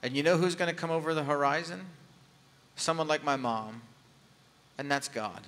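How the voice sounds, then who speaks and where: A man's voice: on the high side, normal speed, a bit bright. A man preaching a sermon as a pastor, telling a personal story in a candid, conversational way with touches of humor. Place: church sanctuary. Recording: long hall reverb.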